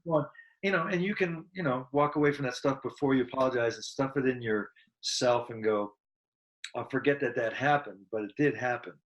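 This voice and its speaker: Speaking fairly quickly in a mid-pitched voice, this man is a guest musician sharing a story in a relaxed interview, earnest and thoughtful in tone. He livens up whenever he imitates what others said, and the recording is rough.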